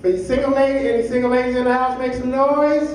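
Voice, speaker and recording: This middle-aged stand-up comedian talks fast in a very high voice with fairly even intonation. Caught from a distance in an echoey club, he jokes loosely and works the crowd while the audience laughs.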